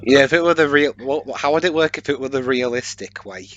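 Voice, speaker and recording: A man's voice: mid-range voice, brisk, fairly bright tone, dull audio. Man joking through a watch-along. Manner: joking and playful, with frequent laughs. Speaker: co-host of a watch-along commentary. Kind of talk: casual chat.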